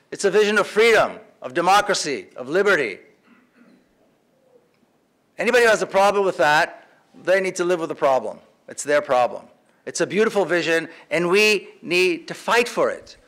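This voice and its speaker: A man's voice: fairly high pitch, a bit bright. A man giving an impassioned public speech in a large lecture hall, emphatic and repeating phrases for force. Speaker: activist speaker.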